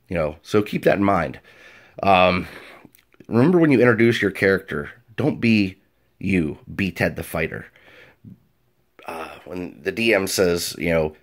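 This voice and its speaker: Man, deep voice, game master, casual tabletop tutorial, chatty explaining. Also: moderate pace. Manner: chatty and explanatory, with frequent fillers. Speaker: game master and video host.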